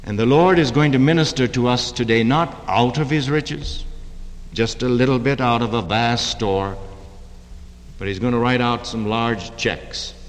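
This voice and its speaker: A man preaching a sermon, reading scripture in a lively cadence and easing into soft, prayerful tones. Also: mid-range voice, a little slow, big-room sound.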